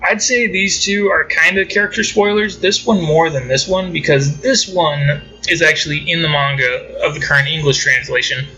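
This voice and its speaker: A man's voice: fairly high pitch, fairly even intonation, moderate pace, bright, forceful tone, breathy edge, dull audio. A man chatting loosely through mobile game commentary, wandering from point to point as he clicks through menus. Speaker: gaming channel host.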